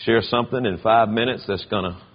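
A man preaching a sermon, telling stories in an animated way with big swings in pitch. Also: fairly quick, slightly rough. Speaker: pastor. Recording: dull lo-fi sound.

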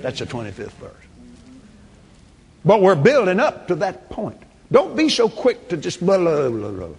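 Older preacher guy, high husky voice, bright, hall echo all around. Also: wildly swooping pitch, measured pace. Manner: preaching, quoting scripture, shouting praise. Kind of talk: sermon.

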